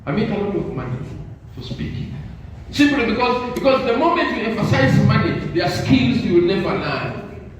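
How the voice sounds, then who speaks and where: An older man lectures teachers in a high, lively voice that leaps up and down. He is preachy and insistent and keeps pausing mid-sentence so the crowd can fill in the word. He sounds distant, with heavy echo and faint hiss. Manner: call-and-response, leaves sentences open for the audience to finish with "what?". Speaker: motivational speaker. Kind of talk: motivational talk to teachers. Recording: echoey hall from far off with faint noise.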